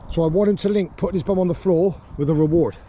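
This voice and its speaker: A calm man teaches dog training out on a small grass field, his voice a touch higher than most men's but mellow in tone. Faint outdoor noise hums behind him, and he explains each step in a steady, matter-of-fact way. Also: quick pace. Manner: calm explaining, with sharp shouted commands to a dog.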